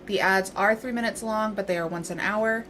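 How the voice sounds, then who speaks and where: A woman hosting a game livestream, talking casually and playfully to her viewers. Her voice sits at a middle pitch. A steady background noise runs under the recording. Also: normal speed. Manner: chatty, playful, rambling. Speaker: game streamer.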